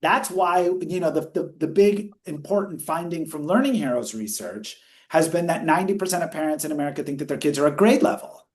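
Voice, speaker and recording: A man presenting research findings in a webinar discussion, energetic and explanatory, rushing through quoted questions. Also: on the high side. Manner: energetic, speeds up when quoting questions; teaching, explanatory.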